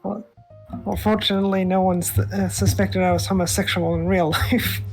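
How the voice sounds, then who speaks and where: A man's voice: sits high, flat delivery, moderate pace, gravelly, faint music behind, low-quality recording. A man with an Australian accent chatting on a voice call in a dry, matter-of-fact way. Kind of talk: casual chat.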